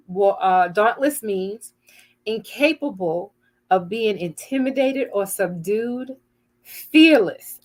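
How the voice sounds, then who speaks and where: An older woman with a medium-pitched voice hosts an inspirational broadcast. She gives a heartfelt, earnest devotional talk, occasionally searching for the right words.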